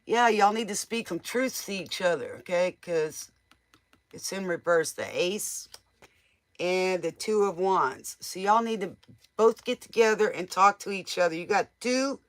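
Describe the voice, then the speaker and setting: A woman's voice: on the low side, measured pace. A woman giving casual, motherly tarot readings to viewers on a live stream. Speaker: tarot reader.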